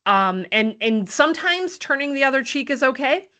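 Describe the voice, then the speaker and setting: Bright-voiced wry woman co-host. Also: sits high, animated, normal speed. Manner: candid and wry. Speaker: podcast co-host. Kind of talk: casual podcast conversation.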